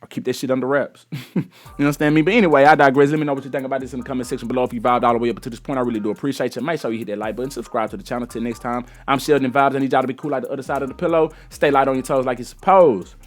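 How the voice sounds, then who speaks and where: A man's voice: mid-range voice, steady tone, rapid-fire. A man from Texas giving casual, slangy commentary on a news clip and talking straight to his viewers. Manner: chatty, slangy, addresses viewers as y'all.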